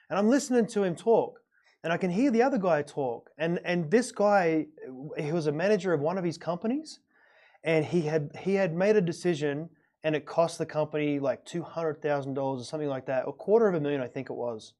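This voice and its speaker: A middle-aged Australian man hosting a podcast tells a long personal story in a casual chat, rambling and repeating words in a warm, anecdotal way. His voice is on the high side and his pace quick.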